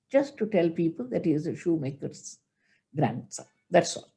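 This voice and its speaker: A woman's voice: mid-range voice, big pitch swings, moderate pace. An older woman delivering a religious discourse, telling stories with emotional emphasis and chanting verses. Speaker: spiritual teacher.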